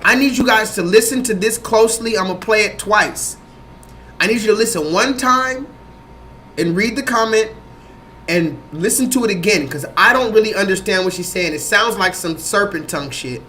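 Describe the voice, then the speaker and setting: A man hosting a livestream, talking loosely and profanely to his chat in a rambling, animated way. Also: sits high, normal speed, a little hiss or hum. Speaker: livestream host. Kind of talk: livestream commentary.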